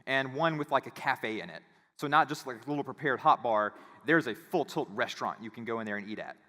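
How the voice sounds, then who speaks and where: A man giving a conference talk, telling a casual, animated story and acting out the voices of the people in it. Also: medium pitch, brisk. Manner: animated, acts out quoted voices. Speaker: conference speaker. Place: conference hall. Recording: reverberant hall.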